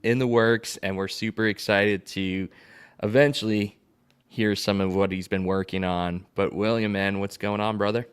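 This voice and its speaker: A man's voice: lowish voice, steady tone, normal speed, clear, resonant tone. A man hosting a casual livestream podcast, opening with an upbeat welcome. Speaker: host.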